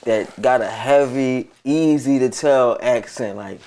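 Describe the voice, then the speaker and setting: Philly podcast host, slangy and relaxed. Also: male voice, medium pitch, takes it slowly. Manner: laid-back street slang. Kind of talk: casual interview chat.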